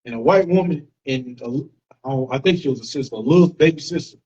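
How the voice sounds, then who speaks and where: A man's voice: mid-range voice, fast, darkish tone, breathy edge. A man telling a blunt, profane story in a rambling, casual way. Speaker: class member. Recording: dull lo-fi recording.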